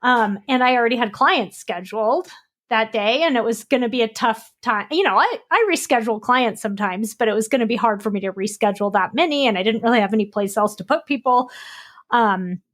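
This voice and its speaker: A woman's voice: on the high side, animated, a little fast, a bit bright. Chatty woman podcast co-host. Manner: casual, chatty, relatable. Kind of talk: conversational podcast talk.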